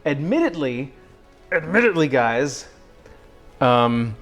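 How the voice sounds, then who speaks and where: A man's voice: mid-range voice, very animated, takes it slowly, soft background music. A man hosting a cooking livestream, chatting casually and joking with his audience while he works. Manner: joking, rambling, self-deprecating banter with chat. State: out of breath from sawing. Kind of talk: casual live-stream chat while cooking. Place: home kitchen.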